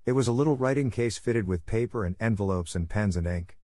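A man reading a classic storybook aloud in a calm, measured manner. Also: fairly low pitch, dry recording. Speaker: narrator. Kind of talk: storybook narration.

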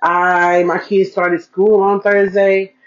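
A woman's voice: medium pitch, flat delivery, slow. A woman hosting a casual solo podcast, chatting to her listeners, repeating phrases for emphasis and calling them y'all. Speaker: podcast host, single mom. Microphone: podcast mic. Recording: dull lo-fi recording.

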